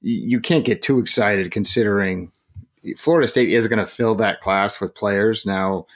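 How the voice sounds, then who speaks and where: A man with a fairly low voice co-hosts a sports podcast in relaxed chat. He rambles a little, jokes at his own expense and laughs often. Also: normal speed. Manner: chatty, laughing often, self-deprecating jokes. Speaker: podcast co-host. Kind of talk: casual chat.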